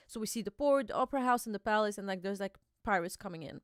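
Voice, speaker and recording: A woman's voice: medium pitch, lively intonation, fast talker, hardly any pauses, dry recording, clean studio sound. A young woman hosting a live reaction stream, chatty and giggly, reading dialogue aloud.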